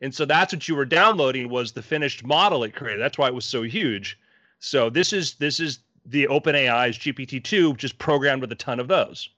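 A man's voice: medium pitch, fairly quick, bright, forceful tone, no echo, lo-fi sound. A man co-hosting a tech podcast, explaining things in a matter-of-fact way. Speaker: podcast co-host. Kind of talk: casual tech podcast chat.

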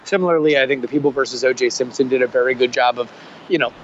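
A man's voice: mid-range voice, steady tone, quick pace. A man co-hosting a casual podcast about TV, rambling with many fillers. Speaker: podcast co-host. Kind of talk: casual chat. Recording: dull lo-fi sound with faint background noise.

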